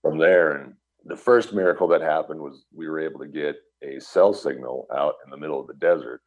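A middle-aged man tells a personal story as a guest in conversation, speaking earnestly and acting out people's lines in vivid quoted dialogue. His voice is very deep and a little fast. The recording sounds dull and lo-fi.

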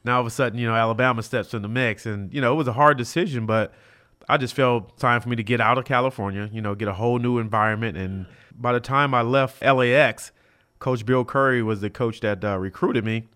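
A middle-aged man from South Central Los Angeles spins stories as an interview guest, sprinkling in "you know" and "like." His voice sits at an ordinary middle pitch. He slips into the quoted lines of other people as he goes. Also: quick pace. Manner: animated, acts out quoted dialogue, many fillers like "you know". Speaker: guest, former college football player. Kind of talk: storytelling in a casual interview.

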